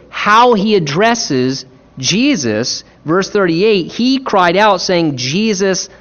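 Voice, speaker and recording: A man's voice: high voice, highs cut off. A man preaching a sermon in an earnest, emphatic way, acting out the quotes he tells.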